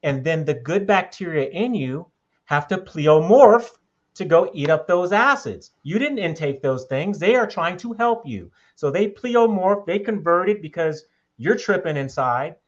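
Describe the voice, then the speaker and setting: A man's voice: a little high, animated, a little slow, muffled recording. A man talking in a casual podcast conversation, making his points emphatically and checking in with "okay?". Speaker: podcast host.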